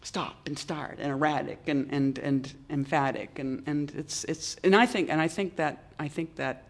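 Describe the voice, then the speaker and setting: An older poet from Boston, talking in a halting way with many restarts and strong emphasis. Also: mid-range voice, steady tone. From Boston, United States. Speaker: poet, interview guest. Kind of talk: reflective conversation.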